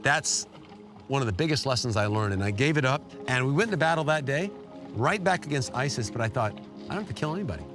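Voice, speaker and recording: A middle-aged man giving an earnest, emotional personal testimony as an interview guest, his pitch jumping up when he is moved. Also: expressive, fairly quick, music in the background. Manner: emotional, earnest storytelling with sudden rises in pitch. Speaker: guest telling a war story.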